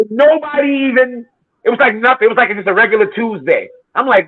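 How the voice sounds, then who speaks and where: Man, high voice, animated, swearing a lot, phone-like tinny sound, dry. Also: a little fast, no room sound. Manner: animated storytelling, heavy swearing, acts out quotes. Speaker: streamer hosting a football watchalong. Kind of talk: casual watchalong chat.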